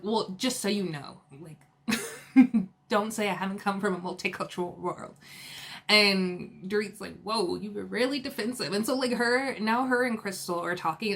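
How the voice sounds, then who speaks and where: A young woman recapping a reality show episode in a chatty, casual way, full of fillers and quick laughs. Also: medium pitch, fairly bright tone.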